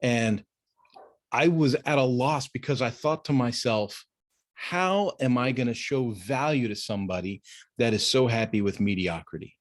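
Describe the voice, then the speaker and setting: A man's voice: mid-range voice, normal speed. A man hosting a business talk, recorded over a video call, chatting casually and telling a story with lots of restarts. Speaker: business podcast host.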